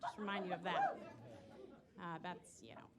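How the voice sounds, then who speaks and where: Animated self-deprecating woman comic. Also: fairly low pitch, moderate pace, over a noisy crowd, very noisy. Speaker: stand-up comedian. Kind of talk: stand-up comedy set. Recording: live room with audience laughter.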